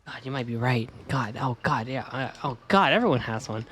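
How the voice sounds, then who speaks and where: A man's voice: mid-range voice, animated, fairly quick, few pauses, fairly bright tone. A man streaming a game live, chatting casually in a rambling, joking way and swearing freely.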